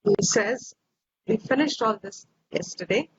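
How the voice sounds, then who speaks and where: A woman teaching scripture slowly and reflectively, repeating her phrases, over a video call. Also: on the high side. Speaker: Vedanta teacher. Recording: dull lo-fi audio with faint hiss.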